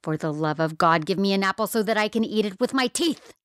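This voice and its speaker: A woman's voice: mid-range voice, expressive, a little fast, no room sound, studio quality, close to an everyday voice. A woman narrator voicing a frightened, fussy old spinster pleading in a hurry, in an audiobook ghost story. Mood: frantic.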